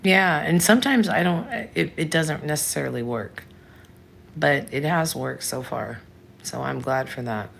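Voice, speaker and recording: A livestream host in her thirties speaks in a low, gravelly voice, animated but measured, as she chats openly and greets viewers by name over slight background noise.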